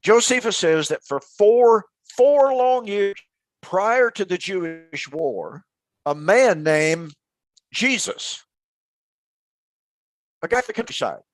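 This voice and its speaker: A man with a fairly high voice co-hosts a relaxed Bible study chat. He tells historical stories emphatically and builds to loud, dramatic quotes. The recording is dry and close. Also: slow pace, pauses often, no room sound. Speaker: co-host of a Bible radio show.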